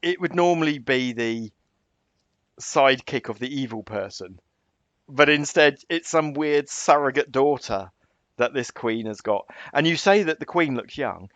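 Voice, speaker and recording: A man co-hosting a podcast, talking with a lively, bouncing intonation. His sound is close and dry, and he rambles jokily, often correcting himself mid-sentence. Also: mid-range voice, measured pace, no echo, dull audio. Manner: rambling, self-correcting, jokey. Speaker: podcast co-host. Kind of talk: casual chat.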